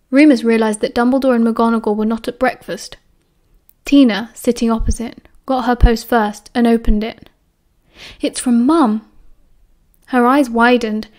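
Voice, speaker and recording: A woman's voice: on the high side, darkish tone. A woman with a British accent reading an audiobook chapter aloud, shifting her voice for the characters. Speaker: audiobook narrator.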